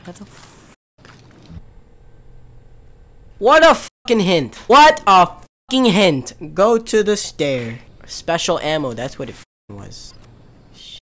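A young man doing gaming commentary, frustrated and swearing as he yells at enemies. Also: sing-song, unhurried. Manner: frustrated, swearing, yelling at enemies, with wild swings in pitch. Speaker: gamer.

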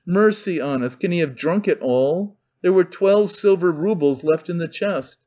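A man's voice: on the high side, lively intonation, measured pace, a little mellow. A man voicing a frantic, desperate mother in an audiobook, shrieking accusations. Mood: frenzied. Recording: dull lo-fi recording.

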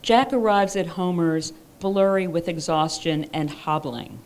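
A woman's voice: on the low side, unhurried, darkish tone. Woman reading fiction aloud, dry and wry. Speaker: author reading her fiction. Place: live reading at a writers' conference.

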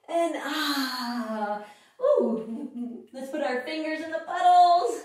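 In a very echoey room, far from the mic, a woman in her thirties guides children through yoga with a high, slow voice. She keeps it playful and animated, singing along and imitating animals.

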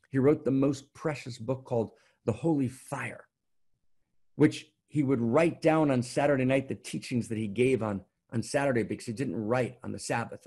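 A male spiritual teacher delivers a sermon with a husky, gravelly voice. He tells a story with emphatic repetition and keeps checking in with his listeners. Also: mid-range voice, darkish tone.

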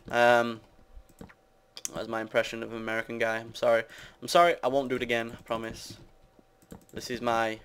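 A young man from the UK with a British accent talks his way through a building game, rambling and teasing his viewers. His voice sits at an ordinary middle pitch. Keyboard typing can be heard behind him. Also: monotone, moderate pace, smooth. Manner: rambling, self-mocking, chatty with viewers. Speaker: gamer. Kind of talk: casual Let's Play commentary.

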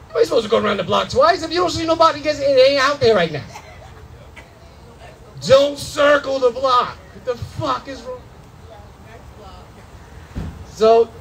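A young adult man doing a loud, animated stand-up comedy set in a comedy club, full of profanity and acted-out voices. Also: very high-pitched, a little fast, gravelly, a little hiss or hum, low-quality recording.

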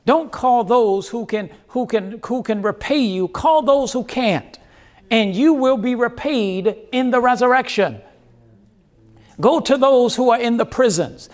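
Man, high voice, pastor, sermon, earnest, dramatic pauses. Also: animated, darkish tone.

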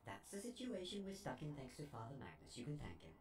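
A man's voice: on the high side, huge pitch swings, quick pace, reverberant, far from the mic, heavy background noise. A man voicing a weary, exasperated male bodyguard in a fan animation. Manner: dry, exasperated.

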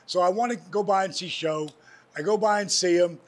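An older man, a former wrestler, telling stories as a guest in a casual interview, animated and swearing now and then. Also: sits high, a little fast. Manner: animated, swears, slips into impressions.

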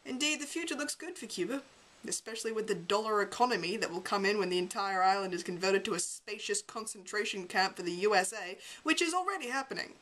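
Bright-voiced woman reading wryly aloud. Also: medium pitch, expressive, fast talker, low-quality recording. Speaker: amateur reader.

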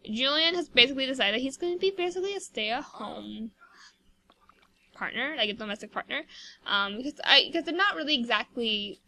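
High-voiced chatty woman gamer. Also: animated, brisk, bright, forceful tone. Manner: rambling, chatty, full of "like". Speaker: gameplay video host. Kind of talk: casual gameplay commentary.

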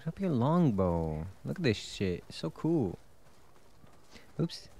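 A man's voice: mid-range voice, very animated, slow, gravelly, mellow, slight background noise. A man streaming a video game, chatting casually, laughing often and swearing freely. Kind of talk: casual gameplay chat.

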